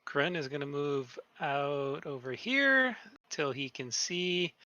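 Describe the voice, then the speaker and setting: A man playing in a casual tabletop game, deliberately spelling out each move. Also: a little high, expressive, pushed and bright, dry recording, highs cut off. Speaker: player.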